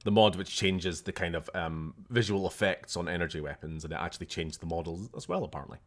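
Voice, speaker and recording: A man's voice: low voice, fast talker. A young Scottish man chatting casually and jokily while streaming a game, swearing now and then.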